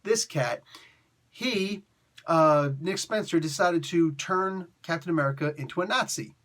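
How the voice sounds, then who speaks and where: A young adult man giving a casual, excitable comic book review, laughing often and using slang. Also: a little high, measured pace.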